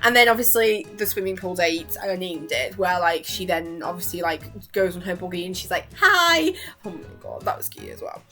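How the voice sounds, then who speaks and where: A woman's voice: lowish voice, lively intonation, fairly quick, hardly any pauses, fairly bright tone, faint music behind. A young woman vlogger chatting casually and rambling, gushing and giggling as she acts out quotes. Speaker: reaction vlogger.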